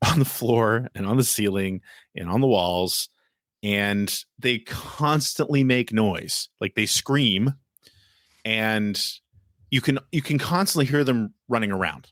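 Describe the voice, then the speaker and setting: A man's voice: fairly low pitch, fairly bright tone, no room sound, clean studio sound. A man co-hosting a podcast in casual chat, rambling with many restarts and fillers. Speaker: podcast co-host.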